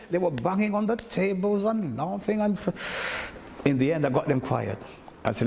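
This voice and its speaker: An older man from Montserrat, a toastmaster, tells anecdotes with animation and acts out the voices of the people in them. His voice is high and creaky at a normal speed, with a long reverb tail.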